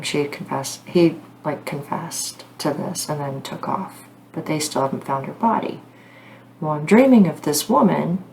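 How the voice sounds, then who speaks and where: A woman's voice: low voice, darkish tone, a little hiss or hum. A middle-aged woman talking casually to camera as a psychic host, rambling and earnest with frequent fillers and apologies. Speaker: psychic medium channel host.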